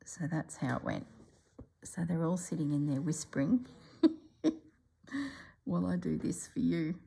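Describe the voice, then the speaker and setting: A middle-aged woman, chatting casually as she stitches for her channel and often dropping to a soft whisper. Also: deep voice, unhurried, gravelly, husky. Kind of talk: casual stitching vlog chat.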